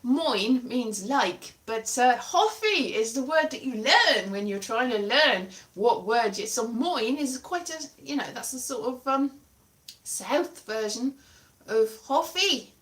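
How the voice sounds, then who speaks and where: A woman hosting a livestream, chatting casually and rambling through anecdotes in a lively, storytelling way. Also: a little high, takes it slowly. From Wales. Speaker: livestream host. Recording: echoey room, distant from mic.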